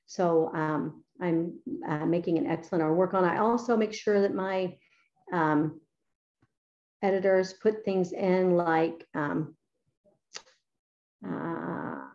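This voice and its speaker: Woman teacher, middle-aged, chatty, enthusiastic, mellow tone, dull lo-fi sound. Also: on the low side, takes it slowly, long pauses. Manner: chatty, enthusiastic, many fillers. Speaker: writing teacher. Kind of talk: explaining her paper-editing method.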